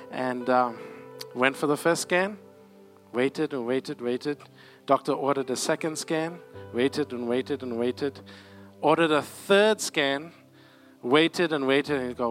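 A man's voice: medium pitch, normal speed, a bit bright, soft background music. A man preaching a conference sermon in a church, conversational, with asides and light laughs. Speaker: pastor.

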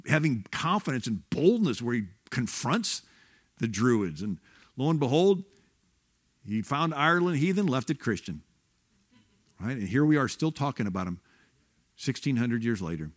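Man, rambling sermon talk, mid-pitched, church setting. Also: sing-song, moderate pace. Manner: rambling, restarts often, grows fervent. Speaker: guest speaker on church history. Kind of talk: sermon-style history talk.

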